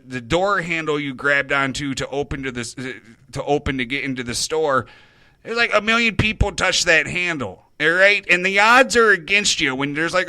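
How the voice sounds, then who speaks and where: A middle-aged radio host talks in a nervous, meandering confessional, constantly tripping over his words and starting again. His voice is bright and edgy, sitting close on a dry mic with no room sound. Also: fairly high pitch, clean tone, no echo. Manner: nervous, self-interrupting, restarts often. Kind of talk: rambling confessional monologue.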